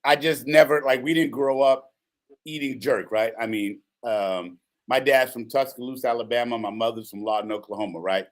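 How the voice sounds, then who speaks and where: A man co-hosting a casual chat, relaxed and affirming, often saying okay and right. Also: medium pitch, moderate pace. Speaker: co-host.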